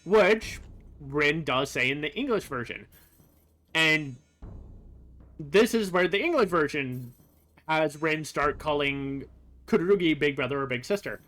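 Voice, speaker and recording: A streamer talks casually over a game at an ordinary middle pitch, working through ideas aloud. The delivery is thoughtful and halting, full of small pauses and fillers. Faint game music plays underneath. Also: animated, fairly bright tone. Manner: thoughtful, halting, with frequent "uh" while sorting thoughts. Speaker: streamer comparing game translations. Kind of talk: casual commentary over gameplay.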